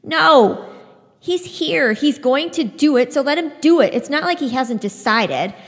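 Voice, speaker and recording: A woman reading aloud and voicing a defiant, furious teenage girl who shouts high and fast. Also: expressive. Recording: long hall reverb.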